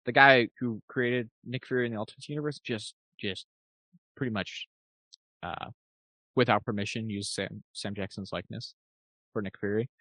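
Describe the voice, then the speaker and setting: A man co-hosting a podcast in casual comedic chat, animated and jokey, breaking into quick voices. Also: fairly low pitch, dry recording. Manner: fast, animated, jokey, does quick impressions. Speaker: podcast co-host.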